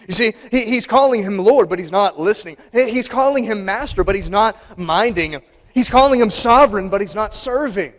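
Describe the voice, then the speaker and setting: A man preaching a sermon in a church, emphatic and repeating phrases for stress. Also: high-pitched. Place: church sanctuary. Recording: long hall reverb.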